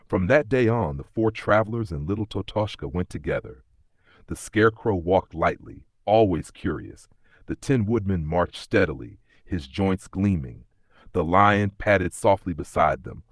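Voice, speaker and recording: Deep-voiced man telling a fairy tale. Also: unhurried, no room sound, studio quality. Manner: calm, storybook telling. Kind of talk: scripted narration.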